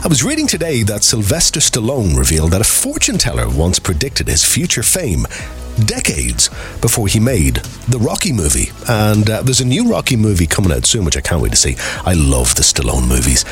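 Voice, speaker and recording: Wry male radio host, swooping pitch. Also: wildly swooping pitch, brisk, faint music behind. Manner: wry, cynical storytelling. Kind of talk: casual radio chat.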